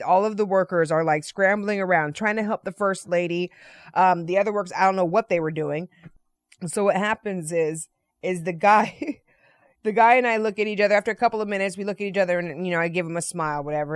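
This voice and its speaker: A woman vlogger telling a casual anecdote in an animated, chatty way, often checking in with "right?" and "you know.". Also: fairly low pitch, no room sound, studio quality. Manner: playfully profane.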